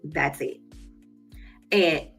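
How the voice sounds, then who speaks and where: A woman's voice: sits low, extremely slow, a bit bright, faint music behind. A woman hosting a live stream, who tells her own story candidly and speaks straight to her viewers. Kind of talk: casual live-stream talk.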